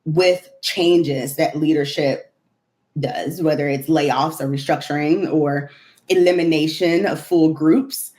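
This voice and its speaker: A woman's voice: low-pitched, fairly even intonation, slow pace, darkish tone. A middle-aged woman speaking as a guest on a podcast, earnest and thinking aloud, often checking in with "right?". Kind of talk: casual conversational chat.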